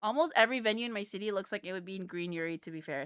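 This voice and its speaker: A woman's voice: medium pitch, rapid-fire, fairly bright tone, clean tone, no room sound, studio quality. A woman streamer chatting casually to her viewers, bubbly and giggly, rambling with lots of fillers. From Philippines. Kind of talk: casual live-stream chat.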